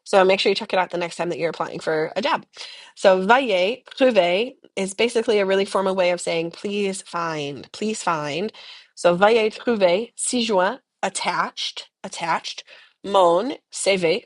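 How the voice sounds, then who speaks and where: A young woman teaching a French lesson, explaining patiently in English and modeling phrases slowly and clearly for students to repeat. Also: medium pitch. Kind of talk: recorded language lesson, repeat-after-me drills.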